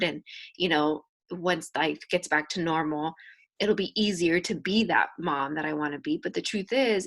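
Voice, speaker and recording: Mom on a group video call, low husky voice with some fry, sharing honestly. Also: female voice, fairly bright tone. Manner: open, emotional, candid. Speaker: participant, mother. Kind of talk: casual group video chat.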